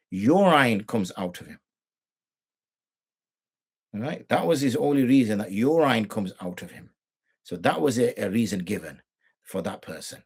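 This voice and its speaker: In an informal talk on religious law, a middle-aged mufti with a British English accent speaks at a medium pitch with a breathy edge. He leans heavily on rhetorical questions and mock exchanges.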